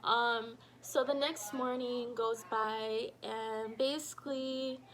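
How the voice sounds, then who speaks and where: A woman telling a personal story in a casual vlog, animated and full of fillers, acting out what people said. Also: on the high side, slow, a little hiss or hum, rough recording. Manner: animated, shouts quoted lines, many fillers. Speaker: storytime vlogger.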